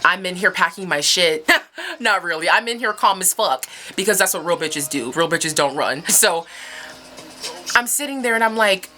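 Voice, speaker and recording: A young woman vlogger telling a story in a casual, profane way, with sudden high yelps. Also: unhurried, pushed and bright, soft background music. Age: young adult. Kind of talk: storytime vlog.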